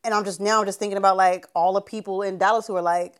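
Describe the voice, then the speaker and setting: A woman's voice: mid-range voice, steady tone, quick pace. A woman co-hosting a podcast, giving blunt, opinionated takes in slangy casual chat. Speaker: podcast co-host.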